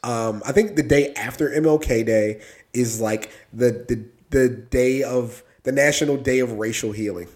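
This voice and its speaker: A man's voice: mid-range voice, normal speed, a little mellow. A man co-hosting a podcast in casual chat, laid-back and joking, rambling with fillers and swearing. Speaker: podcast co-host.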